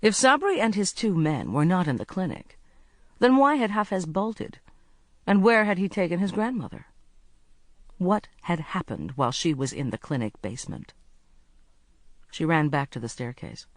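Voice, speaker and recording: An audiobook narrator reads a mystery with a lively, rising-and-falling delivery. The voice sits at a middling pitch, and the close studio recording is dry with no room sound. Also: moderate pace, pauses often, dry recording. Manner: lively, expressive reading.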